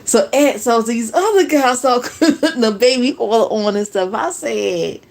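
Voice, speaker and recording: A woman's voice: a little high, expressive, unhurried, creaky, few pauses, darkish tone. A woman from New Jersey hosting a casual reaction livestream, talking to viewers in a sarcastic, profane way.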